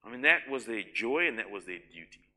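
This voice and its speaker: Bright-voiced male preacher, emphatic. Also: fairly low pitch, lively intonation, fairly quick. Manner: emphatic, drops to soft intimate tones. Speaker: pastor. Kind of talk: sermon.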